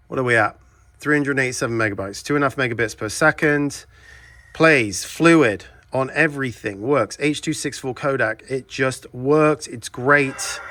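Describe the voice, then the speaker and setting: A man's voice: mid-range voice, a bit bright. Blunt, chatty English man. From England. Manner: blunt, chatty, ranting asides. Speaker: video transfer shop owner. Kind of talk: casual workshop vlog. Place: his shop indoors at night.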